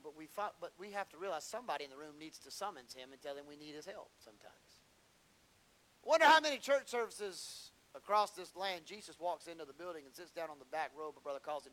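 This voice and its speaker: High, bright preacher man. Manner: storytelling, builds to impassioned shouting. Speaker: pastor. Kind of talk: sermon.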